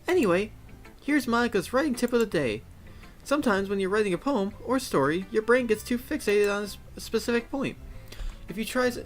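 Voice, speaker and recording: A man putting on a bright, confident schoolgirl club leader. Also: high-pitched, voice pushed up. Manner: upbeat, advice-giving. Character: confident cheerful teen girl club president.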